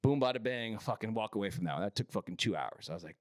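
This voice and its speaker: A man on a podcast telling a rough, profane story about a work site, often acting out the other people's lines. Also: lowish voice, expressive, fast, few pauses, no echo, studio quality. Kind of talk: casual storytelling.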